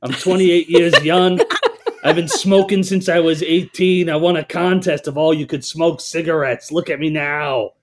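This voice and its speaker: A man voicing a brash, boastful woman who has smoked for years, pitched up and loud. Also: steady tone, moderate pace, natural voice. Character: chain-smoking brash woman caller, raspy.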